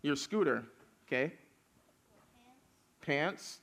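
Guy youth pastor rambling thru a story, kinda high bright voice. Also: lively intonation, very slow, gravelly. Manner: chatty storytelling with many fillers. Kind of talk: casual sermon to young people.

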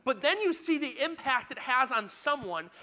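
A young man preaching to young listeners, telling stories in an animated, self-deprecating way and speaking straight to them. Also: extremely high pitch, moderate pace. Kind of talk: storytelling sermon.

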